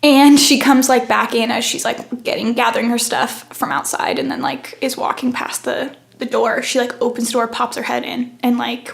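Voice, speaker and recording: A woman's voice: fairly high pitch, level tone, moderate pace, vocal fry, few pauses. A young woman co-hosting a student podcast, telling a long story in a casual chatty way with many fillers. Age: young adult. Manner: rambling storytelling with frequent fillers. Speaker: podcast co-host. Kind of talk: casual chat. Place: campus studio.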